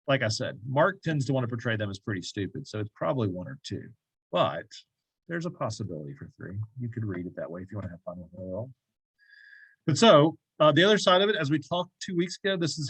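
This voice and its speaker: A man's voice: medium pitch, breathy edge, no room sound. Casual man teaching a bible study. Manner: conversational, asks the group questions, jokey asides. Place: church classroom.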